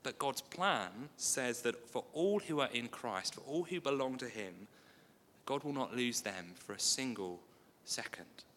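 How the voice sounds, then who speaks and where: A man preaches with a bright, forceful tone and an easy, conversational manner. He drops in small asides and light humour between readings. His voice rings with a long reverb, as if in a large hall. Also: medium pitch, expressive, a little slow, slight background noise. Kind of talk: sermon.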